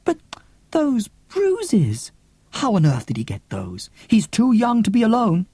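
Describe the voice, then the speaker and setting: A man voicing a kind, worried grown woman in a gentle, concerned tone. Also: sits high, wildly swooping pitch, measured pace, breathy edge, dry recording, pitched above the performer's own voice, full character voice.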